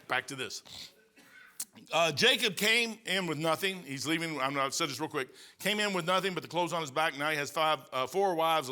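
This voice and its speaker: A man's voice: fairly high pitch, bright, forceful tone. A man in his sixties preaching a sermon as pastor, telling folksy stories with emphatic asides. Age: 60s.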